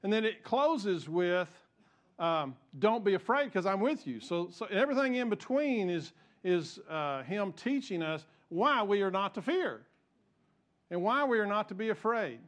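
A man with a notably high voice delivers a sermon. He preaches earnestly in a conversational, unscripted way, often restarting his sentences. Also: big pitch swings, measured pace, fairly bright tone. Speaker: pastor.

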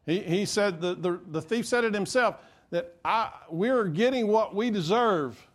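A man's voice: sits high, measured pace. A man preaching a sermon as pastor, earnest and rising to emphatic peaks.

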